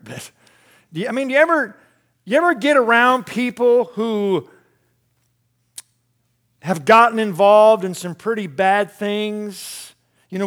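A man preaching a sermon in a conversational way, asking rhetorical questions and moving between loud emphasis and hushed asides. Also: a little high. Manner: conversational with rhetorical questions and self-deprecating laughs. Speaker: pastor.

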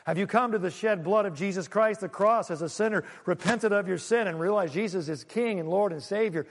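A male pastor preaching a sermon, stretching key words for emphasis, dropping soft for effect and asking the congregation rhetorical questions. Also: sits high, brisk, a little hiss or hum. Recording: long reverb of a large hall.

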